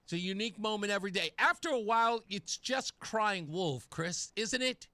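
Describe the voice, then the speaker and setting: A man's voice: high-pitched, lively intonation, moderate pace, pushed and bright, dry recording. A man hosting political talk radio, delivering sarcastic, mocking commentary. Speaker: radio talk show host.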